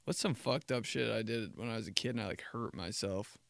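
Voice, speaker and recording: A man's voice: fairly low pitch, fairly quick, vocal fry, heavy background noise. A young man hosting a podcast, telling rambling, profane, comedic stories and laughing at himself. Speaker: podcast host. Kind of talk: casual comedic storytelling.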